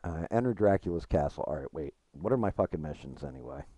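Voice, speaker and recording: A man's voice: very deep voice, expressive, fast, mellow, breathy edge, no room sound. A man chatting casually with his stream chat while gaming, frank and profane, rambling and restarting his thoughts.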